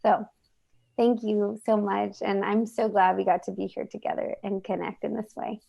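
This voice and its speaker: A woman speaking on an online panel, retelling a children's book in a chatty, animated way over a video call. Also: mid-range voice, moderate pace, vocal fry. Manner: chatty, animated, uses "he's like" a lot. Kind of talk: casual storytelling.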